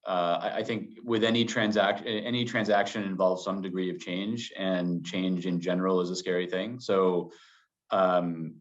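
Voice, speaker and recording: A man being interviewed as a business guest, answering in a measured way full of qualifiers. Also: low-pitched, level tone. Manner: measured, hedging with many qualifiers. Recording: dull lo-fi sound.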